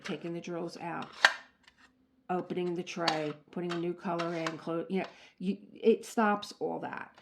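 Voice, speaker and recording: A woman's voice: fairly low pitch, heavy background noise. A middle-aged woman hosting a craft channel, chatting casually through an unboxing and laughing at herself as she talks to the viewer. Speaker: diamond painting channel host.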